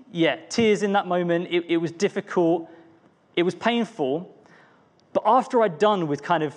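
A young man giving an earnest, personal devotional talk, often restarting his phrases. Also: a little high. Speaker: preacher.

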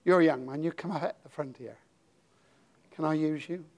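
An older British man preaching a sermon, dropping to a hush and then rising to dramatic shouts. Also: a little high, moderate pace. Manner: dramatic, swings from hushed to shouting.

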